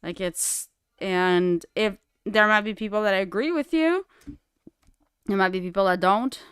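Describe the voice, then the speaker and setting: A woman hosting a livestream, talking in loose, casual chat. Her voice is remarkably smooth and clear, and she is blunt and swears freely. The sound is dry and close to the mic. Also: medium pitch, a little slow, a bit bright, dry recording. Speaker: livestream host.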